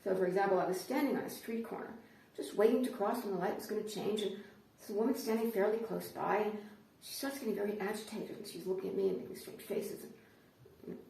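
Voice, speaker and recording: A woman comedian performing a stand-up routine, telling her stories in an animated way. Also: mid-range voice, fast talker. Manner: animated storytelling. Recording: roomy, distant mic.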